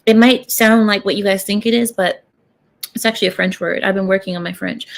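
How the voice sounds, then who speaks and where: A woman's voice: mid-range voice, moderate pace, creaky. A young woman rants to her viewers in a loose, sarcastic vlog. She rambles, asks them questions and drifts off topic as she goes. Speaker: vlogger. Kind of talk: casual talking-head rant.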